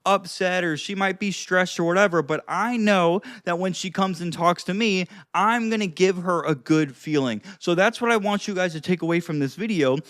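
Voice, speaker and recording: Slangy, fairly high-voiced young man coach. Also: moderate pace, few pauses. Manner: loose and slangy, full of "like" and restarts; swings between loud and quiet, low-key asides. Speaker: social skills coach. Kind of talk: casual talking-to-camera advice.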